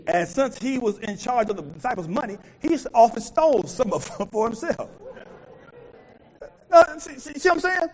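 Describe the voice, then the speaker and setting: A pastor with an extremely high-pitched voice delivers an animated call-and-response sermon at a moderate pace, again and again asking the congregation to finish his words. The recording quality is low.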